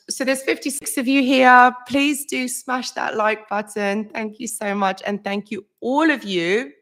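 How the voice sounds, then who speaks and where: A woman with a medium-pitched, fairly bright voice runs a psychology channel live stream. She chats loosely, welcomes viewers by name and keeps using "literally" and "like," often restarting and laughing softly.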